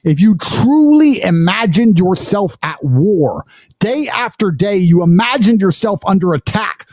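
Man, podcast host, boastful, forceful, lively intonation, dry sound. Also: sits high, unhurried, no echo. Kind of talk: emphatic podcast monologue.

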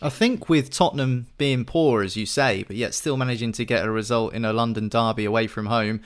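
Steady man hosting a football podcast. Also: medium pitch, fairly quick. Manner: steady, leads topic changes. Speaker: podcast host.

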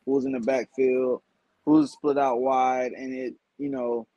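A man guest on a podcast, giving measured sports analysis in casual chat and thinking aloud as he goes. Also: mid-range voice, flat delivery, dark tone, no room sound, dull audio.

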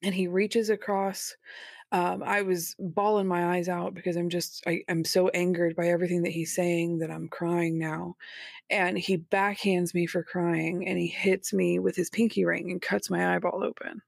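A woman's voice: lowish voice, level tone, normal speed, gravelly, dry recording, clean studio sound. A woman speaking as a guest on an interview podcast, recounting her experiences in a frank, conversational way. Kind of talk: interview storytelling.

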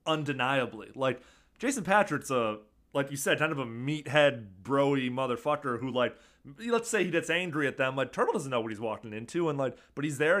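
A man's voice: medium pitch, fairly bright tone. A man co-hosting a podcast in casual chat, chatty, laughing often and swearing casually. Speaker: podcast co-host.

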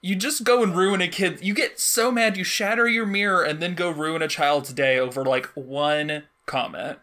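Bright-voiced woman chatting animatedly. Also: lowish voice, normal speed. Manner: animated, laughs often, acts out quotes. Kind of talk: casual chat.

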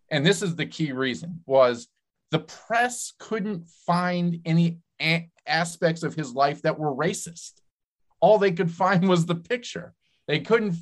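A man who works as a political advisor, explaining in a measured way in a podcast conversation. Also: fairly high pitch. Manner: measured, explanatory, with frequent restarts.

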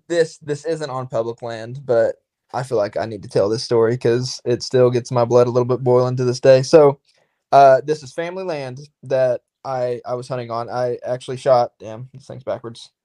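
A man in casual podcast chat, telling a long story in a rambling, lively way and acting out the exchanges he quotes. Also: medium pitch, moderate pace.

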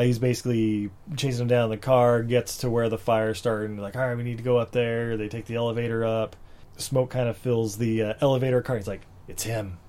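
Man, podcast co-host, casual movie chat, laughs a lot, silly voices for quotes. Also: warm tone. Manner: laughs often, acts out movie lines in high silly voices.

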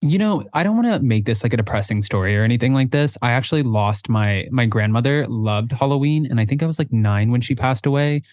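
A man's voice: medium pitch, lively intonation, fairly quick, hardly any pauses, darkish tone, no echo. A man co-hosting a casual podcast, playful and self-deprecating as he tells stories. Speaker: co-host.

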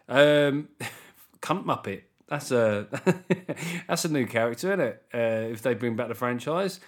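Sweary Southern English comic podcaster. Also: male voice, mid-range voice, expressive, a little slow. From England. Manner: swears freely, riffs with mock voices. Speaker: podcast host. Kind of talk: solo comedy podcast chat.

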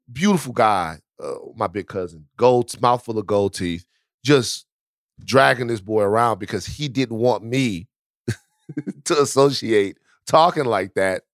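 A man's voice: mid-range voice, no room sound. Loose-talking storyteller man on a dry podcast mic. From Baton Rouge, Louisiana. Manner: loose, profane storytelling with frequent restarts. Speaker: podcast co-host. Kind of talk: casual podcast chat.

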